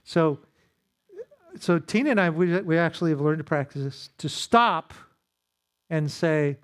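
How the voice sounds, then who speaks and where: A pastor with a slightly high voice leads a church marriage seminar, teaching in a relaxed, conversational style at normal speed and smoothly. He pokes fun at himself and acts out little exchanges along the way.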